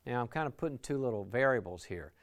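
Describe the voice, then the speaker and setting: This leadership speaker has a mid-range voice and sounds animated, moving at a quick pace. Lecturing enthusiastically on team relationships at a lecture venue, he acts out brief example dialogues.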